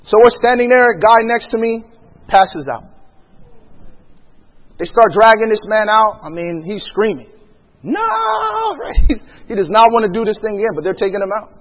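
A man with a notably high voice shares a personal testimony as a vivid storyteller, acting out other people's lines and laughing often. His voice rings with a long hall reverb, and the recording sounds dull and lo-fi. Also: normal speed. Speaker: speaker sharing a personal testimony.

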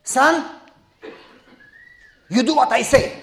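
A man voicing an angry, controlling old male church elder who shouts and blusters. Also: very high voice, slow pace, pitched above the performer's own voice, exaggerated voice. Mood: blustering.

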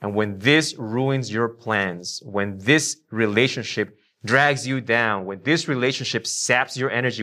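A man preaching to a congregation in a church. His delivery is emphatic, rising to loud declarations and dropping to quiet, low lines. He keeps asking the listeners questions. His voice sits at an ordinary middle pitch. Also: measured pace, hardly any pauses. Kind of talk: sermon.

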